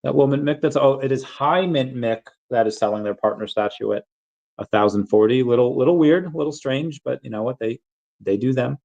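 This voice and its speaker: A man's voice: medium pitch, a little fast, creaky. Rambling man on a lo-fi stream. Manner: rambling, relaxed, many fillers. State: hiccuping. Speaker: crypto channel host. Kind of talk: casual livestream chat.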